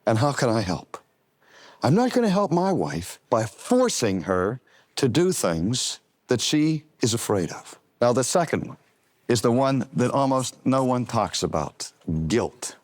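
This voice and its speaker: A man's voice: medium pitch, big pitch swings, unhurried, no room sound. An older man teaching in an earnest sermon style, stressing key words and drawing them out. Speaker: preacher and teacher.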